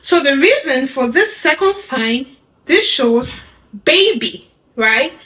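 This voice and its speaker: A woman teaching a beginner sign language lesson, upbeat and patient, repeating each word slowly as she demonstrates. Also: high-pitched, very animated, sharp tone, rough recording. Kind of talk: instructional video lesson.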